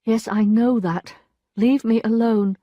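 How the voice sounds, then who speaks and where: A woman's voice: on the high side, takes it slowly, dark tone, no room sound, muffled recording, voice pushed up. A woman voicing a desperate, proud young wife who pleads for help with strong emotion. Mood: distraught.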